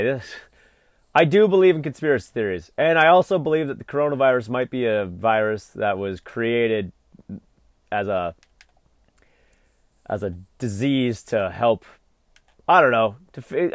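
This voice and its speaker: A man's voice: mid-range voice, lively intonation, moderate pace, dry recording, studio quality. A young adult man hosting a vlog, delivering an exasperated, profane solo rant full of fillers. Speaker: vlog host.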